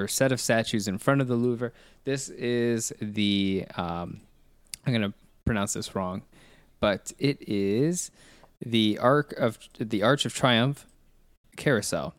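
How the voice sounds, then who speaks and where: A man's voice: fairly low pitch, clear, resonant tone, no echo. A young man co-hosting a film podcast, chatting casually and rambling with frequent self-corrections. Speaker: podcast co-host. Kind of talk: casual chat.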